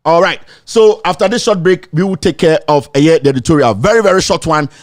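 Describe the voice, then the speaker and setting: A man with a Ghanaian accent hosting opinionated political commentary, speaking emphatically with drawn-out exclamations. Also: on the high side, dry recording, studio quality.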